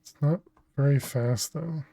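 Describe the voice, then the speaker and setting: This man has a slightly high, somewhat rough voice, captured in a dry, studio-quality recording. He's streaming a video game and chatting casually, thinking aloud and answering his chat in a relaxed, unhurried way. He laughs often throughout the commentary.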